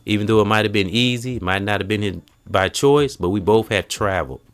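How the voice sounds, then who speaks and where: A man hosting a casual podcast, telling stories in an animated way and acting out quotes. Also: fairly low pitch, fairly quick, clear, resonant tone. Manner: animated storytelling, acts out quotes. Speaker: podcast host.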